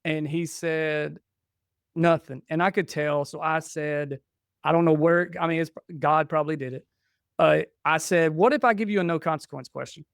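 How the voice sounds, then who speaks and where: A man's voice: on the high side, fairly even intonation, moderate pace, gravelly, clean tone, no echo, clean studio sound. A man in his forties, a podcast guest, telling family stories casually and acting out what was said back and forth. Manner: chatty, restarts and quotes himself. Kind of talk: casual storytelling.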